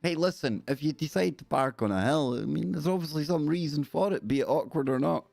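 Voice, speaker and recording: A man's voice: a little high, brisk, creaky, darkish tone, no room sound, soft background music. Scottish man, rambling and jokey, chatting to his viewers on a live stream, dry sound. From Scotland. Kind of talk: casual live stream chat.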